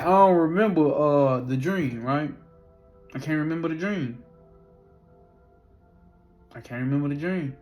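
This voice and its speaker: Guy telling a wild spooky story, cussing, acting out his reactions, a bit high-voiced, faint music underneath. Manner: profane, emphatic, acts out his own reactions. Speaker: spiritual storyteller. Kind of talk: animated casual storytelling.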